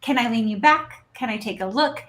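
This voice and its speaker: Here a podcast guest who consults for dental practices talks animatedly, sharing practical coaching advice and performing bits of conversation between patients and staff. Her voice sits a little high, with a fairly bright tone at normal speed.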